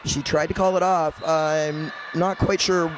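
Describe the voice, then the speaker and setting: A man commentating roller derby live, giving steady play-by-play with dry quips. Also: a little high, a little slow, slight background noise.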